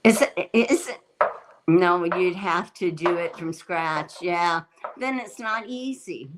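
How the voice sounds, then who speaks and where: Slow, chatty woman livestream host. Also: fairly low pitch, background noise. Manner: rambling and chatty, often laughing and restarting. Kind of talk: casual chat with live viewers while cooking.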